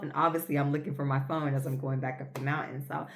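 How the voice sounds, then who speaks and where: A woman's voice: low-pitched, flat delivery, quick pace, hardly any pauses, soft background music. A woman vlogger telling a story in an earnest, rambling way, full of fillers and restarts. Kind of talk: casual storytelling.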